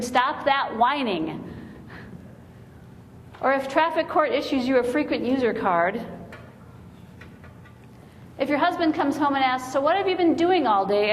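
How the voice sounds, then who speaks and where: A woman with a slightly high voice delivers a Christian talk to mothers, mixing jokes and heartfelt stories. Her voice rings out in a large hall with a long reverb. A faint noise sits under the recording. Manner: storytelling, comic timing, earnest. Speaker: Christian women's speaker. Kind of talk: humorous inspirational talk.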